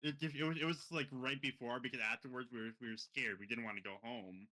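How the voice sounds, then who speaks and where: A man's voice: mid-range voice, fairly even intonation, fast, pushed and bright, rough recording. A man co-hosting a podcast, recalling events in casual chat, often stammering and repeating words. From a reservation community. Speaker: podcast co-host.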